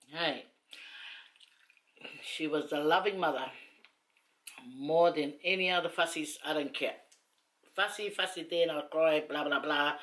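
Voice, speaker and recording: A woman's voice: low-pitched, a bit bright. A middle-aged woman with a Samoan accent, telling stories casually to the camera in a rambling, teasing way, laughing often. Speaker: mukbang vlogger. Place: indoors at home, seated on a long chair.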